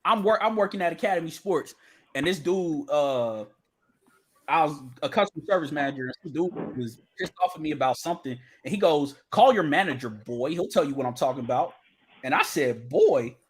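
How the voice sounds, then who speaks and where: A young man co-hosting a podcast, telling stories in a loud, profane, laughing casual chat. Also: on the high side, brisk, breathy edge. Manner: animated storytelling, profane, laughing. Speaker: podcast co-host.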